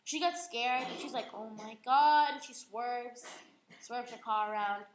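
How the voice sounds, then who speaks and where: A teenage girl retelling a story aloud in an animated, giggly way, full of "like". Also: fairly high pitch, unhurried. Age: teens. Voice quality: giggly, lots of "like". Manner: animated, acts out the voices. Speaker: young storyteller. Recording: echoey room with faint noise.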